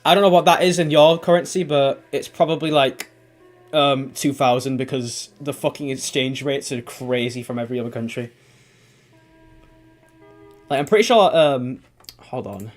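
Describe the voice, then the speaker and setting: A man talks loosely to his viewers, his voice sitting at an ordinary middle pitch. He wanders from thought to thought, swears without much weight and often breaks off mid-phrase to start over. Faint game music plays underneath. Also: moderate pace, pauses often. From England. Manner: rambling, swears casually, trails off and restarts. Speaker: game streamer. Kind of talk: casual gaming stream chat.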